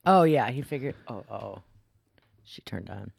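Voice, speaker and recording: A woman's voice: very deep voice, lively intonation, measured pace, vocal fry, a little mellow, breathy edge, no echo. A woman with a Midwestern American accent, co-hosting a podcast in casual chat and rambling through stories. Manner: rambling, chatty storytelling. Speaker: podcast co-host.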